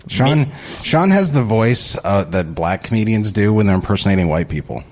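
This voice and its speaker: Low-voiced animated man cracking jokes. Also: normal speed. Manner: animated, teasing, laughs often. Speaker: podcast co-host. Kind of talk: casual comedic table read banter.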